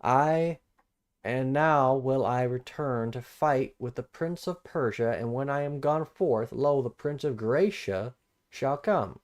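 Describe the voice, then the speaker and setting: A man's voice: mid-range voice, slow pace, darkish tone. A man hosting a live-streamed Bible study, reading verses aloud and then commenting on them casually, rereading and repeating phrases as he thinks them through. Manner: casual, plain-spoken asides between formal scripture reading.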